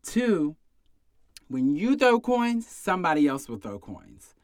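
A man's voice: fairly high pitch, slow pace, dry recording, studio quality. A young man casually telling a story about his bartending job, acting out other people's lines. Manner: animated storytelling, acts out other people's quotes.

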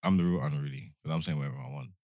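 A man's voice: very deep voice, rapid-fire, vocal fry, dark tone, no room sound, studio quality. A young man, chatting in slangy, rambling banter and laughing often. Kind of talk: casual banter.

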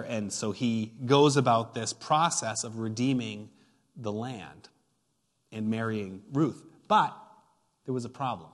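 Pastor preaching in a reverberant hall. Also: male voice, fairly low pitch, slow pace. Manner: storytelling with playful asides and emphatic build-ups. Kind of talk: sermon.

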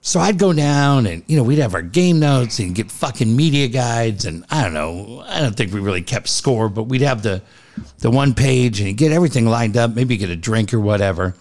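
Animated profane male storyteller. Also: medium pitch, moderate pace. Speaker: host. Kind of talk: casual chat.

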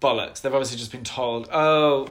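A man co-hosting a casual podcast chat. He is playful and gossipy and giggles often. His tone is bright and sharp, at an ordinary pitch. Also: lively intonation, normal speed. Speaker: podcast co-host.

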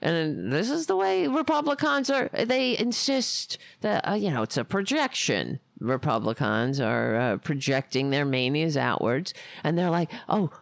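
A woman with a low, gravelly voice delivers an indignant, profane political rant, wandering through restarts as she goes. Her pitch swings widely and she speaks at an unhurried pace, recorded dry and close. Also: very animated, no echo. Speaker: political commentary host. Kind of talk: casual political rant livestream.

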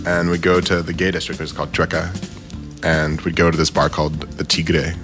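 A man's voice: a bass voice, little pitch movement, brisk, loud music behind the voice. A man telling a personal anecdote casually, rambling with many fillers and laughing at himself. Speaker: storyteller.

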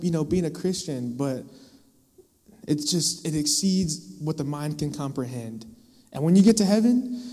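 A young man preaching a casual sermon into a microphone, dropping into acted-out quotes and sudden loud bursts for emphasis. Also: fairly high pitch. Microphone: microphone in a hall. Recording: long hall reverb.

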